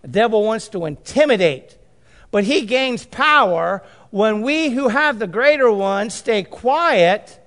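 Guy preaching a sermon, pretty high voice, hammers and drags out his key lines, long echo off a big hall. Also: fairly bright tone. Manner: emphatic preaching, repeating and drawing out key phrases.

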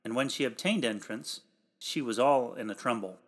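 A man delivering a read sermon in old-fashioned, formal pulpit language, emphatic and growing louder on the exhortations. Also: medium pitch, normal speed. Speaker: preacher.

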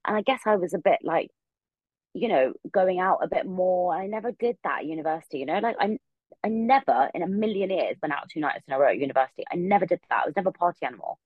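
Fast-talking low-voiced young woman. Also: animated, no echo, narrow, tinny audio. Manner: rambling, many filler words. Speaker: podcast guest. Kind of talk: casual storytelling. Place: her room.

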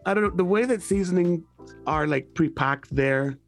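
A man's voice: a little high, normal speed, faint music behind. Giggly young male interviewer. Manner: giggly, stammers at the start of sentences. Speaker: podcast host. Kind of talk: casual conversational interview.

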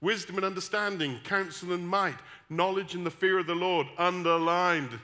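A middle-aged man from the West Country with a West Country accent, preaching a sermon with humorous, animated storytelling and emphatic repetition. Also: high-pitched, brisk, few pauses. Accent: West Country English. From West Country, England.

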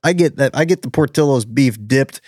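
A man's voice: medium pitch, fairly quick, a little mellow, dry recording, studio quality. A man chatting casually on a podcast, brash, profane and enthusiastic. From northern suburbs of Chicago. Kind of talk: casual chat.

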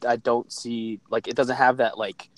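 A man's voice: mid-range voice, level tone, a little slow, no room sound, low-quality recording. A man in a casual podcast chat, talking loosely with many fillers. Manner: loose, filler-heavy, lots of like. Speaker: podcast co-host.

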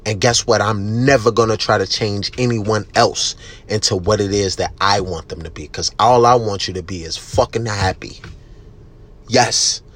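A man hosting a casual solo podcast, ranting bluntly with heavy cursing, emphatic and loud at times. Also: fairly low pitch, normal speed. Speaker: podcast host.

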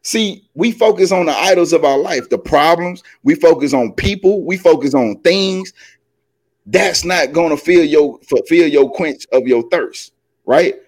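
A man's voice: on the high side, measured pace. A man co-hosting a faith podcast, sermonizing in a casual, folksy way with slang. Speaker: podcast co-host. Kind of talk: faith-based podcast talk.

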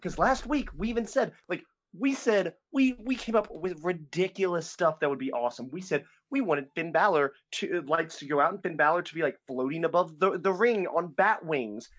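Rambling young man with a higher voice. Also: normal speed, hardly any pauses, a bit bright. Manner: rambling, many fillers and restarts. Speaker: podcast co-host. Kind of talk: casual chat.

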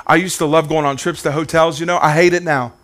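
A man's voice: on the high side, steady tone, quick pace, fairly bright tone. A male pastor preaching a sermon with fervent energy, a sing-song cadence and repeated phrases, calling out to the congregation. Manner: calls out to the congregation.

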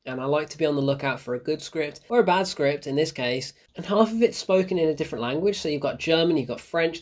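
This is a film reviewer speaking casually to camera and tearing into a bad movie. The delivery is sarcastic and exasperated, full of mild swearing and bursts of laughter, at an ordinary middle pitch.

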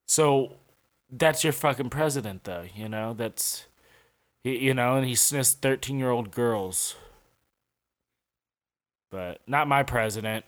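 Ranting, crude St. podcaster. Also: male voice, medium pitch, normal speed. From St. Louis, USA. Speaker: podcast host. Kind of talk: profane podcast monologue.

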